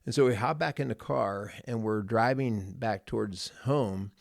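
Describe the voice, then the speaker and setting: His voice is lowish, creaky and darkish in tone, and he takes his time as he tells a personal story. The middle-aged marriage coach co-hosts a podcast, talking earnestly and ramblingly with repeated words, in a dry, studio-quality recording.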